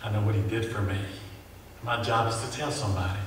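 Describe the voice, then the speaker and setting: Preacher booming in an echoey hall. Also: male voice, fairly even intonation, quick pace, a little hiss or hum. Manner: emphatic preaching with rhetorical questions and call-and-response. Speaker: pastor. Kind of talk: sermon. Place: church sanctuary. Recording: echoey church hall, mic at a distance.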